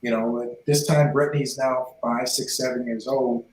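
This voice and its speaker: In an echoey room, a former professional football player in his forties narrates his life story for a podcast interview, voicing the characters in the dialogue he quotes. His medium-pitched voice is steady and darkish, at normal speed.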